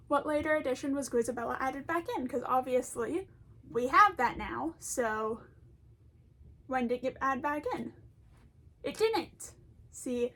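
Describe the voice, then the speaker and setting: A woman's voice: high-pitched, a bit bright. A woman talking in a casual, rambling commentary, chatty and self-deprecating, often breaking into laughter. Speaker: video essayist.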